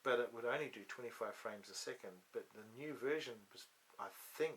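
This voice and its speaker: Bright-voiced man rambling. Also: mid-range voice, brisk. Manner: rambling, many restarts and ums. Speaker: host. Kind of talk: casual studio chat. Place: podcast studio. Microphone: studio microphone.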